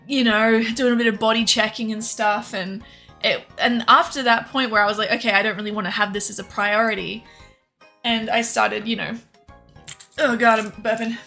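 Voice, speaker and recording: A woman's voice: a little high, sharp tone. A young woman streamer in candid, rambling casual chat, swearing freely. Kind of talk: casual chat while cooking and gaming.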